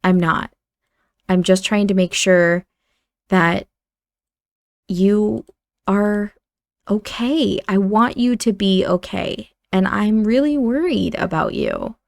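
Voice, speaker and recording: An anxious, earnest young woman pleading with her brother, as a woman narrating a life-sim game puts her on. She has a middle-pitched voice and speaks dryly and close to the mic, sounding tired but determined. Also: wildly swooping pitch, slow, creaky, pauses often, no echo, heavily acted.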